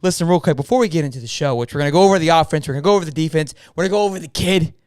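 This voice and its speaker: A hoarse man hosts a sports live stream, his voice pitched high yet still clear despite being worn out. He rambles with hyped energy and keeps calling out to his audience. The sound is dry and close, with no room around it. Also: rapid-fire, darkish tone, no room sound. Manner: hyped, rambling, calls listeners boys and girls. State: hoarse, voice partly gone. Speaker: sports show host. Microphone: studio mic on a stream.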